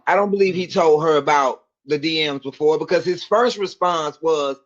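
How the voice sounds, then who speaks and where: A man with a high voice chats animatedly as a co-host, speeding up as he mimics others. The sound is dull and lo-fi. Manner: animated, fast, mimics people. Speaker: podcast co-host. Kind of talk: casual chat.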